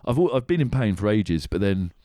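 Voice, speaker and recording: A man's voice: on the low side, very animated, a little fast, background noise. A man hosting a podcast, telling a story in casual chat, laughing often and swearing. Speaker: podcast host.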